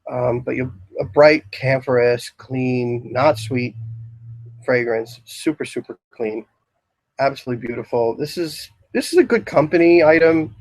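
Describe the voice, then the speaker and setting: A man's voice: mid-range voice, a little slow, no echo, poor audio. Rambling man. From Philadelphia area, US. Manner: rambling, descriptive, many ums. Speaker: incense store lecturer. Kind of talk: casual product talk. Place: shop, indoors.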